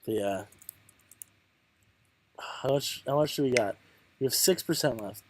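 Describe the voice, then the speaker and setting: A man's voice: medium pitch, unhurried, long pauses, a little hiss or hum. A man giving casual, rambling commentary on his card game, muttering to himself, counting aloud and mocking his own bad luck. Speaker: channel host playing a card game.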